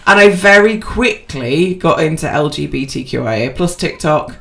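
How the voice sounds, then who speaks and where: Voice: medium pitch, animated, normal speed, creaky, fairly bright tone. A podcast co-host chatting casually and rambling, with lots of fillers and restarts, self-deprecating. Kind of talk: casual chat.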